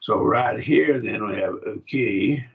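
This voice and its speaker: A man with a low voice teaches a Greek grammar lesson on a video call. He explains slowly and puts questions to his class. The call audio is dull and lo-fi.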